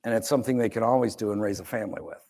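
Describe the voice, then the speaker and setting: A man's voice: lowish voice, very fast, gravelly, a little mellow. A middle-aged man, a pastor from the United States, preaching a sermon in a conversational, wry storytelling way with asides.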